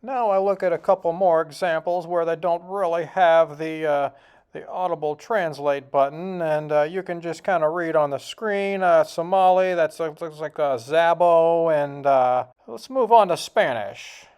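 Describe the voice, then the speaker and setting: A man's voice: on the high side, a little slow, darkish tone, clear, resonant tone. Folksy male vlogger, jokey, casual, sounding out words himself. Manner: joking, folksy, tries out foreign words. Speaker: video host. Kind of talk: casual vlog commentary.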